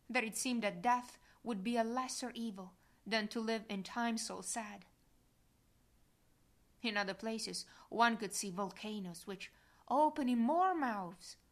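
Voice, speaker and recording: A woman reads a devotional diary aloud in a solemn, measured manner. Her voice sits fairly high. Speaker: reader.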